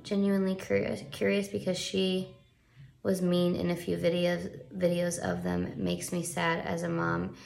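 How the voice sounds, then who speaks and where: A woman's voice: on the low side, completely flat delivery, moderate pace, creaky, darkish tone, slight background noise. A young woman talking earnestly about parenting in a rambling, casual way, full of fillers and restarts. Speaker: parenting vlogger. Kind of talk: casual live video chat. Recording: roomy echo.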